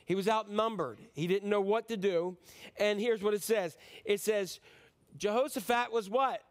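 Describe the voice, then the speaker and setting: High-voiced man preaching a sermon. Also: normal speed. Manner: conversational preaching, asks the congregation questions; acts out frantic prayers in a higher, pleading voice. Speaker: pastor.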